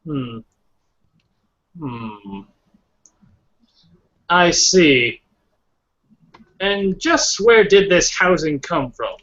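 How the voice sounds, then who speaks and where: A man plays a noble in a tabletop game, wry and lordly, with a voice that rises and falls a great deal. His voice is fairly high for a man. The sound is dull and lo-fi, as over an online call. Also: expressive, slow, long pauses, fairly bright tone. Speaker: player voicing a noble. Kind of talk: in-character role-play. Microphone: online video call.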